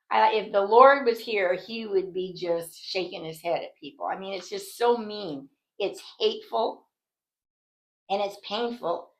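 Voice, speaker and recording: A woman's voice: fairly high pitch, fairly bright tone, poor audio. A woman teaching a Bible study in an earnest, indignant, conversational way, rambling and restarting her sentences as she goes. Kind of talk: conversational devotional talk.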